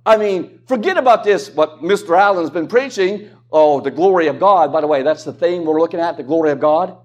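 A man's voice: a little high, a little fast, hardly any pauses, highs cut off. A man preaching a sermon in a conversational way, with rhetorical questions and joking asides.

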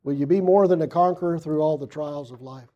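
A man preaching a sermon, reading scripture aloud and asking the congregation questions, swinging from loud emphasis to hushed asides. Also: a little high, a little fast, lo-fi sound.

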